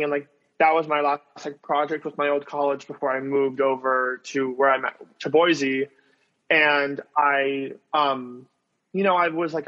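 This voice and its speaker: A man's voice: a little high, a bit bright. Rambling young man on a muffled call. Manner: rambling, heavy "like" fillers. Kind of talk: casual video call chat. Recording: dull lo-fi call audio.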